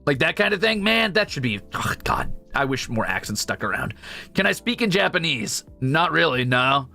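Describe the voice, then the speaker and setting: A man with a faint Midwestern American accent chats casually to his viewers, rambling through asides and quick laughs. His voice is bright and forceful with a gravelly edge. Soft music plays underneath. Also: fairly high pitch, very animated. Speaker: streamer.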